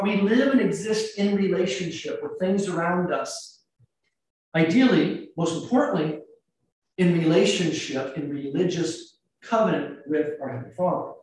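A man with an American accent, a priest giving a conversational sermon full of anecdotes and rhetorical questions. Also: high-pitched. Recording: echoey church, mic at a distance.

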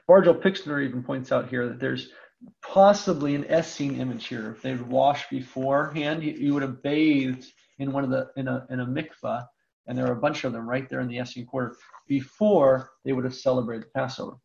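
A man teaching a Bible lesson, reading scripture aloud and pausing to stretch key words for emphasis. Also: mid-range voice, steady tone, creaky, a little mellow. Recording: dull lo-fi lecture recording.

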